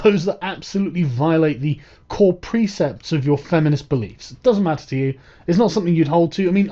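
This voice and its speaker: Sarcastic man, mellow tone. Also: high-pitched. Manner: sarcastic, mocking. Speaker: commentator reacting to clips. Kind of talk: profane reaction commentary. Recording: dull lo-fi audio.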